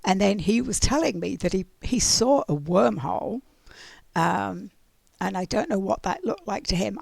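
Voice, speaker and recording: A woman's voice: mid-range voice, vocal fry, darkish tone, husky, no echo. A middle-aged woman telling a spiritual story in a casual, rambling way, full of fillers and restarts. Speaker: oracle card reader.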